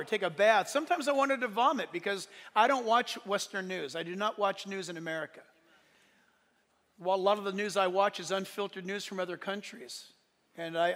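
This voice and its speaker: A pastor preaching a sermon, emphatic and joking, often building to shouts. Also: male voice, high-pitched, normal speed, long reverb tail.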